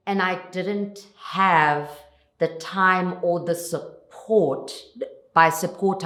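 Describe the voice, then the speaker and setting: A woman's voice: sits low, fairly bright tone. A South African actress in an interview, answering earnestly and reflectively and building her points through lists of repeated phrases. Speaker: lead actress, interview guest.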